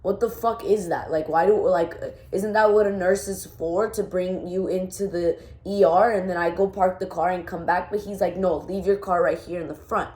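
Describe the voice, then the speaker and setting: A woman's voice: lowish voice, fairly even intonation, moderate pace, hardly any pauses, darkish tone. A young woman in her twenties telling a vlog story, rambling and shaken, with lots of fillers and restarts. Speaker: vlogger. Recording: echoey room.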